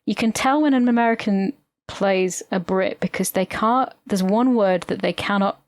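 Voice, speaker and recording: On a dry recording, this podcast co-host talks at a normal speed in a mid-range voice. She rambles casually through her anecdotes, storytelling animatedly and throwing in mock impressions.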